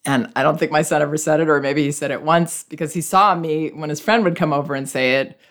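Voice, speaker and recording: A woman hosting a parenting advice podcast, speaking gently and reflectively as she talks through a child's behavior. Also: low voice, steady tone, fast.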